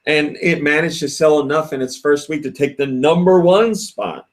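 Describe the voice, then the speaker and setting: A man's voice: a little high, normal speed. A man hosting a casual podcast, chatting, laughing often and reading viewer comments aloud. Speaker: podcast host.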